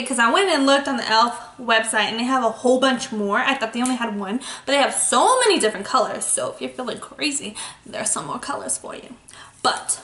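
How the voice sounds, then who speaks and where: A young woman chats her way through a makeup tutorial with a bright, forceful voice pitched a little high. She jokes at her own expense as she goes. The sound bounces around an echoey room at home. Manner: chatty, playful, self-mocking asides. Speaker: beauty vlogger.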